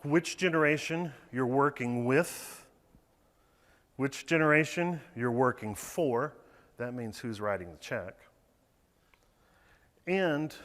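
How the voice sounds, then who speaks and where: A man's voice: mid-range voice, a bit bright. A man giving a conversational, emphatic floral design presentation from a stage. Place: large ballroom stage. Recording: reverberant ballroom sound.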